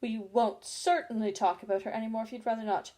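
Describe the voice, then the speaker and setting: A woman's voice: on the high side, fairly even intonation, fast, mellow, close to an everyday voice. Woman reading as a polite curious little girl, chatters on eagerly, kinda talking to herself. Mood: soothing. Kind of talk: storybook reading.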